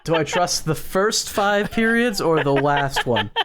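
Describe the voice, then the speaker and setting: A man's voice: a little high, expressive, unhurried, fairly bright tone. A man co-hosting a podcast in casual chat, easygoing and joking. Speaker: podcast co-host.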